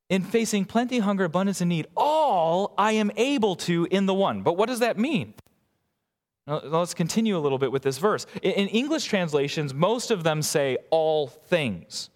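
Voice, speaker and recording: A man preaches with a lively, swinging pitch. He presses key words hard, then drops to quiet, slow asides. His voice carries a long reverb, as if he is in a big church hall. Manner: expressive preaching, swings between emphatic highs and quiet asides. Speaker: pastor. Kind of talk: sermon.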